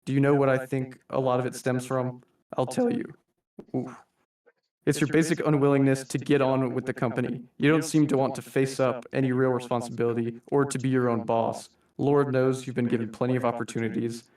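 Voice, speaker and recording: A man's voice: mid-range voice, flat delivery, fairly quick, a little mellow, natural voice. A man voicing a theatrical masked anarchist who reads a formal, mock-polite monologue addressing humanity as his staff, recorded in a roomy room from a distant mic. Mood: scolding.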